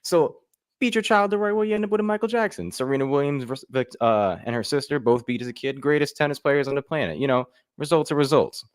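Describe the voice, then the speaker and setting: A man's voice: mid-range voice, lively intonation, fast, clean tone, no room sound, studio quality. A young man doing a loose stand-up routine with lots of fillers, rambling from one joke to the next. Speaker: comedian contestant.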